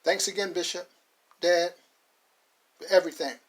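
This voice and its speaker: Upbeat, heartfelt young man, put on by a male narrator, higher voice, audio-drama read. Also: little pitch movement, moderate pace. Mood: grateful. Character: grateful young man leaving with his new family.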